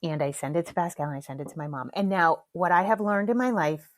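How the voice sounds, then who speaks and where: A middle-aged woman with a fairly low voice talks fast, hosting a podcast in a dry-sounding recording. In a casual monologue, she tells a story candidly and frankly, swearing and laughing along the way.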